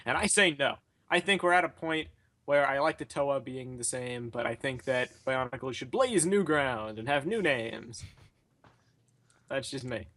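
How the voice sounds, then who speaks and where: A man's voice: mid-range voice, measured pace, fairly bright tone. A man hosting a casual podcast over an online voice call. He chats easily, laughs often and moderates the listeners' questions. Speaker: podcast host.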